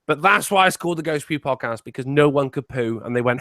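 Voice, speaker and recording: A man's voice: mid-range voice, brisk, a bit bright, no echo, studio quality. A drunk man, a guest on a casual stream, teasing and swearing with frequent laughs.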